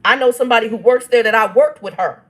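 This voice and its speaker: A woman's voice: fairly high pitch, fast. A woman, telling a family dispute in a casual vlog. She reads text messages aloud and breaks in with blunt, irritated asides. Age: 50s. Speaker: channel host.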